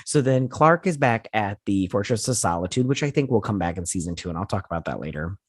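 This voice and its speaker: A man hosting a casual recap of a TV episode, retelling scenes in a chatty, animated way with playful quoted voices. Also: lowish voice, fast, breathy edge, dry recording, studio quality. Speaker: show host.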